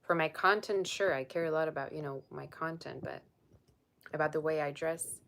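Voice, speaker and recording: A woman's voice: deep voice, moderate pace, vocal fry, fairly bright tone, slight background noise. A woman tarot reader chatting on a live stream, blunt and sassy as she reads and answers viewer comments. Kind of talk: casual live-stream chat.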